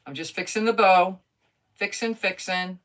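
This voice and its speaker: A woman's voice: medium pitch, unhurried, fairly bright tone. An older woman chatting casually while crafting on a live stream, talking to herself and answering viewer comments.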